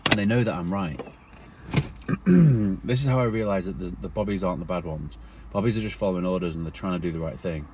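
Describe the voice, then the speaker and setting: Man, low voice, rambling and earnest personal storytelling. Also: fast, noisy background. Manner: earnest, rambling, emotional retelling.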